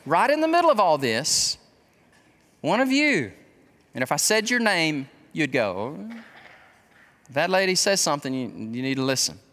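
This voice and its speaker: A man in his fifties preaching a conversational sermon, telling stories in an animated way with quick asides. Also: fairly high pitch. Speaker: pastor. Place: church sanctuary. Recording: long hall reverb of a church.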